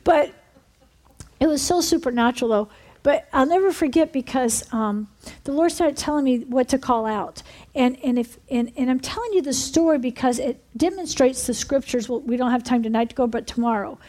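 High-voiced woman preacher telling a story. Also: moderate pace. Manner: animated storytelling, asks for amens. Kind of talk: sermon testimony to a congregation.

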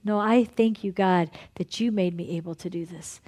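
A woman preaching in a lively, conversational way, laughing often and dropping to a hushed tone to lead prayer. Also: lowish voice, moderate pace. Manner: drops to a soft, hushed tone in prayer. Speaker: pastor leading a ministry night. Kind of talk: sermon and guided prayer.

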